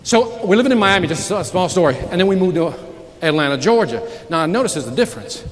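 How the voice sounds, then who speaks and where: A man giving a live motivational sales keynote, telling stories with sudden loud outbursts. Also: high voice, expressive, quick pace. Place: large conference hall with audience. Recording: reverberant hall, audience noise.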